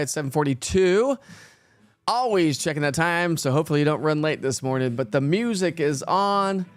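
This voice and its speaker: A man's voice: a little high, clear, resonant tone. A man in his thirties hosting a casual morning weather livestream, chatting and rambling with folksy asides. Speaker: weather show host.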